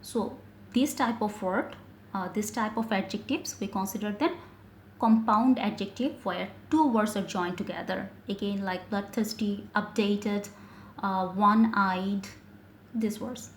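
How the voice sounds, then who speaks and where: A woman's voice: medium pitch, measured pace. A woman teaching an online grammar class, explaining step by step with frequent fillers and self-corrections. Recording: echoey room with faint noise.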